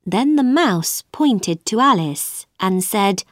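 Brief: woman narrator for a children's storybook, careful and deliberate, very slow. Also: medium pitch, animated, no echo, studio quality. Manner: careful, evenly paced reading.

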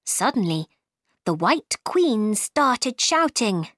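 A woman narrating a storybook in a clear, deliberate reading. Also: mid-range voice, lively intonation, fairly bright tone, no room sound, studio quality.

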